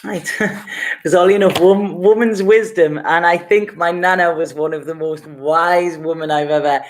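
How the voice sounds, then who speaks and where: A woman's voice: on the low side, steady tone, moderate pace, slight background noise. Chatty woman doing a live tarot reading. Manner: chatty, rambling, laughs often. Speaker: tarot reader.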